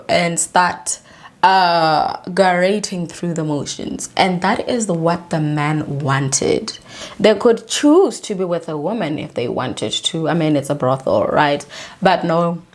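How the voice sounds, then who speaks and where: Female host narrator, casual and emphatic, indignant asides, mid pitch. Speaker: video host. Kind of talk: true-story narration to camera.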